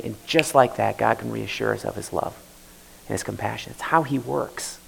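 During a church service, a male pastor preaches loosely and conversationally in a mid-pitched voice with a gravelly, creaky edge, often slipping into first-person prayers to drive his point home. He talks a little fast, and the poor-quality audio carries a faint hiss or hum.

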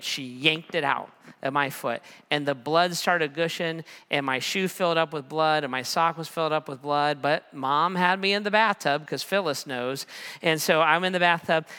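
A man in his forties delivers a sermon in a relaxed, conversational way, joking at his own expense as he tells a story. His voice sits a little high and sounds bright and smooth. It rings with the long reverb of a large hall. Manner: conversational, self-deprecating humor. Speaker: pastor.

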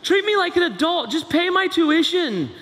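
A man acting out a whiny young adult son who insists he is an adult, in a shrill, indignant voice. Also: big pitch swings, normal speed, heavy background noise. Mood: whining. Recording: echoey hall.

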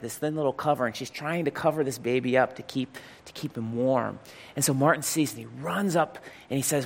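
A man preaching a sermon, telling a story with animated delivery and acting out the quoted lines. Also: mid-range voice, creaky, long reverb tail. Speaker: pastor.

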